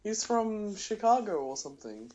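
A playful Australian man chats as a podcast co-host, teasing his partner in a relaxed, casual way. His Australian accent runs all through his talk. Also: high-pitched, moderate pace, dull audio, a crowd in the background.

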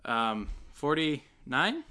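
A man's voice: on the high side, very animated, extremely slow, bright, forceful tone. A man hosting a podcast in casual, joking chat with his co-host. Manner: joking, wry, chatty.

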